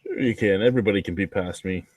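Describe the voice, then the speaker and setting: A man's voice: sits low, fast, darkish tone, no echo. A man guesting on a casual chat, telling stories in a dry, self-deprecating, sweary way from a basement. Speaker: guest reviewer.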